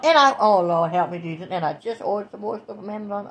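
A woman's voice: medium pitch, lively intonation, fast, hardly any pauses. A woman vlogger chatting casually to her viewers. She talks loosely, drawing out phrases and calling her audience baby and y'all.

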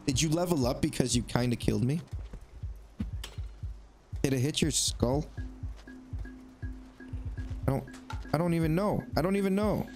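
A man giving excitable let's play commentary, talking to the creatures on screen as he plays. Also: on the high side, moderate pace, pauses often, faint music behind. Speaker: gaming YouTuber.

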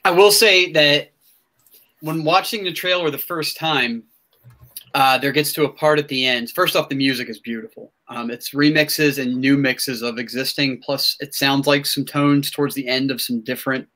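A man hosting a podcast in casual chat, excitable and rambling, with many restarts. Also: mid-range voice, moderate pace. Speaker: podcast host.

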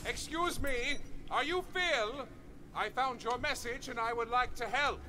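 A man's voice: very high voice, a little slow, background noise. An actor voicing an earnest, formal, bookish young male adventurer. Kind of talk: video game voice acting.

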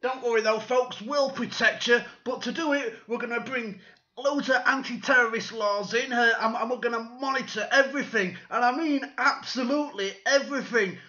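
A man's voice: extremely high pitch, normal speed, pushed and bright, echoey room, highs cut off. A man delivering a sarcastic, sweary satirical monologue and slipping into mocking voices.

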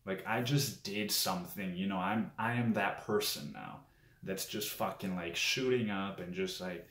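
A man with a very low voice tells a personal story in a loose, candid monologue. He swears freely and laughs nervously at himself now and then. The room around him is echoey. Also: measured pace, a bit bright. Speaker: vlogger telling a personal story.

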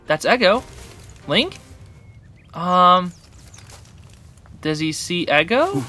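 A man hosting a gaming channel, giving excitable, chatty commentary while he plays and talks to the characters on screen. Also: high-pitched, drawn-out words, long pauses. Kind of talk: casual gameplay commentary. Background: game music.

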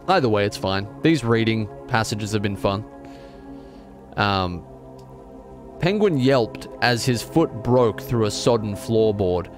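A man's voice: on the low side, expressive, slow, soft background music. A man streaming a game, reading its text passages aloud, stumbling over words and breaking off into exasperated, swearing rants.

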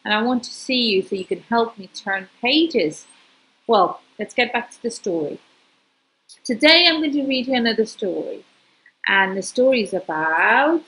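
A woman's voice: fairly high pitch, poor audio. A woman reading a picture book aloud to a young child, speaking to the child directly and asking them questions. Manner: lively, sing-song, talks directly to a young child. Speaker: storyteller.

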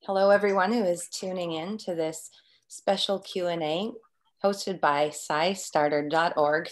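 This is a woman moderating a live video-call Q&A, her voice sitting a little on the low side. She is upbeat and effusive and laughs easily. It sounds like a home room picked up through a computer mic.

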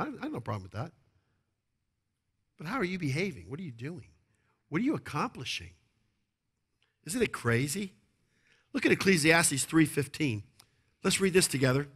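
A man's voice: on the high side, very animated, normal speed, pauses often, a bit bright, husky. A male pastor preaching a sermon, emphatic and repetitive, often asking the congregation to agree.

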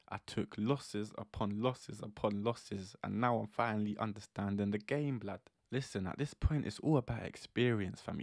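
Brief: young man, brash and animated slangy monologue, dry close sound. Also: mid-range voice, dry recording. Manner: animated, brash, laughs often. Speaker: vlogger giving dating advice.

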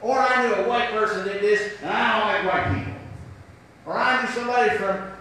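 A man's voice: high-pitched, a little fast, sharp tone, heavy reverb, far from the mic, a little hiss or hum, low-quality recording. A man with a Southern US accent preaching a sermon as pastor, folksy, asking rhetorical questions.

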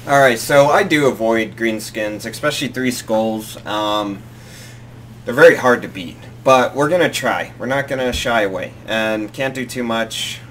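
A man's voice: medium pitch, unhurried, a bit bright, slight background noise. A man playing and commenting on a strategy game, easygoing and rambling. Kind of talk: gameplay commentary.

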